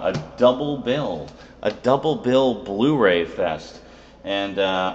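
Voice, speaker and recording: A man's voice: sits low, highs cut off, slight background noise. A man hosting his own review show, chatting casually with wry, rambling asides. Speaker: video reviewer, show host.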